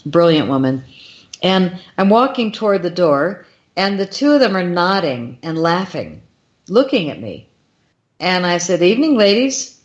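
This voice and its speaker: A woman guest on a radio show, telling a personal story in an excitable way and acting out the lines of the people in it. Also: lowish voice, measured pace, dull audio. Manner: excitable, acts out quoted dialogue with shifting voices. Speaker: guest, crop circle filmmaker.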